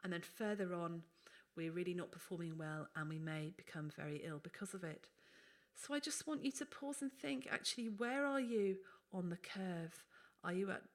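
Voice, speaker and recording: A woman, a doctor, giving a conversational, explanatory webinar presentation. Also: on the low side.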